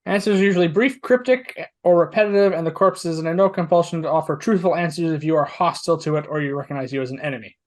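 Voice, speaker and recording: A man's voice: a little high, fast, few pauses. A man narrating a tabletop game as game master, often rambling and restarting his sentences. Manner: rambling, with many restarts and hedging words.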